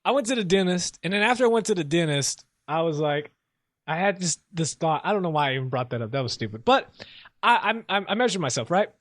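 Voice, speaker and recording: A man's voice: sits high, lively intonation, fast, a bit bright, dry recording. A young man hosting a solo sports show, rambling casually and mocking himself as he rants. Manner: casual, rambling, self-mocking, laughs often. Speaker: sports podcast host.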